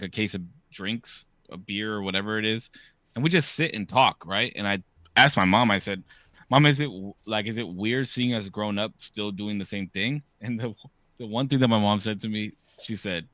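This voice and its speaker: A man in his thirties hosting a podcast, telling stories in a casual, profane, animated way. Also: lowish voice, no room sound. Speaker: podcast host. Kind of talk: casual chat.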